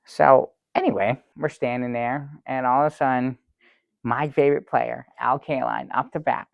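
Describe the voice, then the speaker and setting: A man playing a gravelly, earnest sad sack. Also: medium pitch, steady tone, normal speed, no echo, dull audio, close to an everyday voice. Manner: earnest, rambling storyteller with many restarts. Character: naive sad-sack man, middle-aged, earnest and oblivious. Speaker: comedy sidekick telling a story. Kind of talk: improvised sketch comedy banter.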